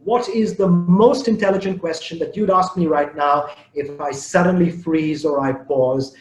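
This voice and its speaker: A man giving an animated motivational talk, playfully teasing the audience with questions and repeating and spelling out key words. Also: on the high side, normal speed, echoey room, soft background music, low-quality recording. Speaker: motivational speaker.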